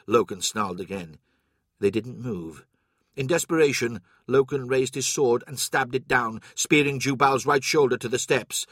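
A man's voice: mid-range voice, normal speed, a bit bright, husky, no echo. Man narrating a story in a dry, close sound. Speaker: audiobook narrator.

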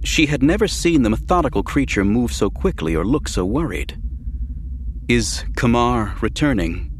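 A man narrating an audiobook in a steady, measured way. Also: medium pitch, slight background noise. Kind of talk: scripted narration.

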